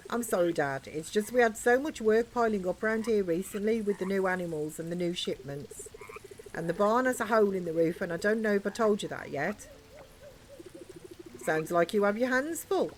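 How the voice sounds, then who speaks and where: A woman's voice: mid-range voice, animated, normal speed, a little hiss or hum, close to an everyday voice. A woman voicing a flustered, overworked young male rancher in a farming game.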